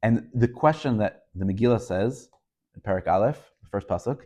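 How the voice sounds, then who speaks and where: A man's voice: fairly low pitch, lively intonation, moderate pace, darkish tone. A man, a rabbi, teaching a Torah lesson, speaking emphatically and pressing rhetorical questions as he tells stories. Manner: storytelling delivery.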